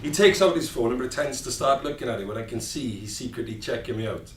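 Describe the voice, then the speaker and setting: A man's voice: mid-range voice, animated, quick pace, heavy background noise, natural voice. An actor with a Welsh accent performing a stage monologue as a brash, foul-mouthed young Welshman with wry, swearing asides, recorded from a distance in a room. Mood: sardonic. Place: rehearsal room. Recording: roomy, distant mic.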